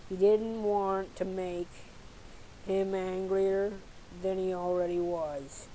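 A woman reading a children's novel aloud in a steady, unhurried way. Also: medium pitch, a little hiss or hum, rough recording. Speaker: storyteller.

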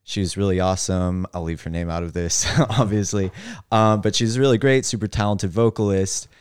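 A man telling a funny story on a casual podcast, animated, with laughing asides. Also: deep voice, moderate pace, clear, resonant tone, dry recording. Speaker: podcast co-host.

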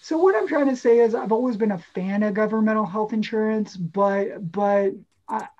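A woman's voice: medium pitch, moderate pace, dark tone, lo-fi sound. A woman closing a stand-up set with rambling, stumbling storytelling. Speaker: stand-up comedian.

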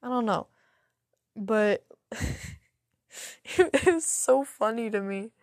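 A woman's voice: medium pitch, steady tone, slow, darkish tone, no room sound, studio quality. Rambling, cussing young woman. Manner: rambling and profane, stuttering restarts. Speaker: podcast host. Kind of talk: casual solo storytelling.

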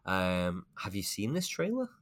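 A man's voice: low-pitched, wildly swooping pitch, measured pace. A man co-hosting a casual podcast, chatting about film news with wry asides and frequent laughter. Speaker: podcast co-host.

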